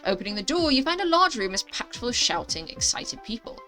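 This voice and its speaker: Woman, gaming youtuber, reads story game aloud, chatty, bright tone, faint music behind. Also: on the high side, very animated, a little fast. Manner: chatty, self-aware asides.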